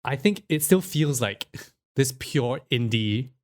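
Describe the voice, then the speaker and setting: A man's voice: mid-range voice, lively intonation, takes it slowly, a little mellow. A man co-hosting a podcast, chatting casually about films with many fillers and frequent laughs. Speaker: podcast co-host. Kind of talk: casual film discussion.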